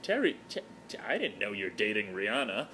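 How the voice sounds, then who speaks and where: A man hosting a comedy vlog, stammering and tripping over restarts in a mock-excited way. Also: fairly low pitch, fairly quick, slight background noise. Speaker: blog host.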